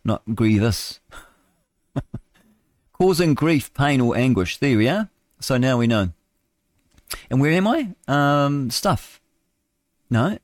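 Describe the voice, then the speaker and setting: A man's voice: medium pitch, expressive, slow pace, long pauses, no echo, clean studio sound. A male radio host with a New Zealand accent, reading the news casually with stumbles and chatty asides.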